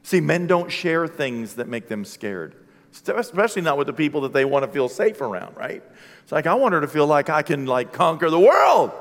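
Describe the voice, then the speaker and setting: A man preaching a sermon, telling stories with lively energy and shouting out the lines he acts out. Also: on the high side, moderate pace. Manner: animated storytelling, shouting acted-out quotes. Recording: long hall reverb.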